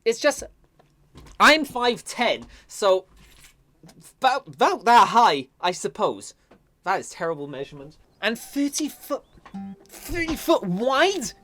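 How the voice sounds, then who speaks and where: A woman's voice: fairly high pitch, very animated, takes it slowly, long pauses, fairly bright tone, no echo, faint music behind. A woman giving chatty, giggly commentary while playing a story game. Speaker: game video host. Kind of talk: casual let's-play commentary.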